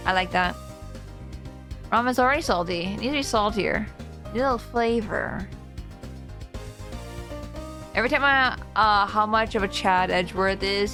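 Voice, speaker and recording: A young woman chatting excitedly as she plays through a game on a live stream, laughing often. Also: medium pitch.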